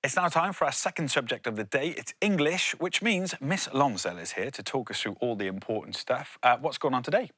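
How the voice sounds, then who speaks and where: A man's voice: mid-range voice, animated, fairly quick, hardly any pauses, pushed and bright, dry recording, studio quality. A man presenting a children's educational show, friendly and jokey, asking the teacher questions.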